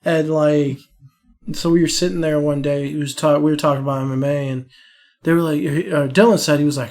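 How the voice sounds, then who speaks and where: A man's voice: fairly high pitch, fairly even intonation, a little fast, darkish tone. A young man co-hosting a podcast, telling a profane, laughing story about a bar prank while suffering from allergies. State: allergies, swollen eyes. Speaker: podcast co-host. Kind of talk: casual storytelling chat.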